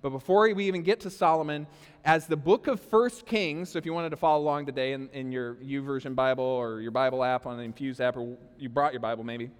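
A man preaching a sermon as pastor, animated and conversational, talking straight to the congregation. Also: mid-range voice, brisk, smooth, long reverb tail. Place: church hall.

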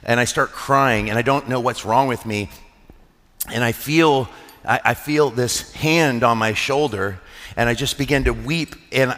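A man's voice: medium pitch, sharp tone. Man, pastor, sermon, earnest and conversational, middle-aged, echoing church hall. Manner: earnest, conversational storytelling with restarts. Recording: long hall reverb.

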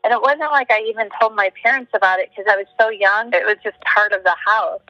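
A woman tells a personal story in a relaxed, thoughtful way. Her sound is dull and lo-fi, dry with no room around it, and faint music plays beneath her. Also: medium pitch, fast talker, dry recording. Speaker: podcast guest, psychic. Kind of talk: casual storytelling.

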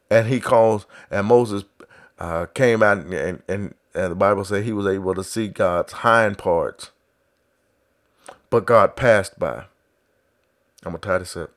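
A man preaching a sermon who starts low and quiet, then builds to loud exhortation with repeated refrains and acts out biblical voices.

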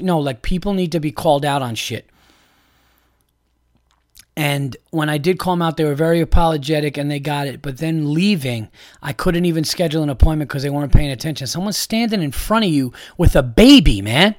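High-pitched young man, podcast host, angry profane rant, dry recording. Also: normal speed, dry recording. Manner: exasperated, profane, repetitive ranting. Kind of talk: casual ranting monologue.

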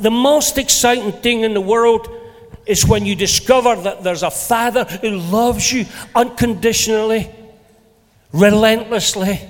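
An older Scottish man preaching a sermon as a pastor, lively and playful in his storytelling. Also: high-pitched. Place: church hall. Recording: long hall reverb.

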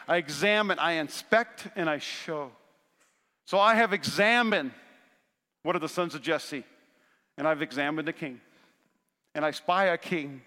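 A man's voice: fairly high pitch, a bit bright. A male pastor preaching a sermon, calling out to the congregation for responses and rising in bursts of intensity. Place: large church sanctuary. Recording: long church hall reverb.

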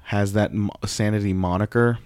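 A man's voice: lowish voice, fairly even intonation, normal speed, a little mellow, clean tone, no room sound, clean studio sound. A man co-hosting a podcast, chatting casually and rambling with fillers and laughs. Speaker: podcast co-host. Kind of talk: casual wrestling recap chat.

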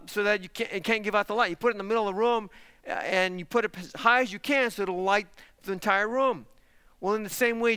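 Bright-voiced man preaching a sermon. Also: high voice, smooth, dry recording. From parents lived in Texas. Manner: emphatic preaching with rhetorical questions. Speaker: pastor.

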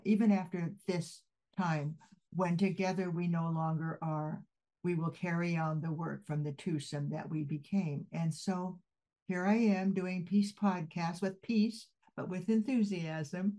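A woman's voice: on the low side, warm tone, low-quality recording. An older woman hosting an interview podcast, telling stories with enthusiasm. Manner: enthusiastic storytelling. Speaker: podcast host. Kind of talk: interview conversation.

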